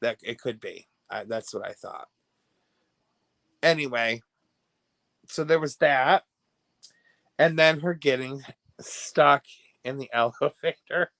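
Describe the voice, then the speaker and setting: An American man hosting a casual livestream, gossiping and reacting to viewer comments, laughing often and swinging between hushed asides and loud bursts. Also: medium pitch, slow, gravelly, long pauses, no room sound. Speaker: livestream host.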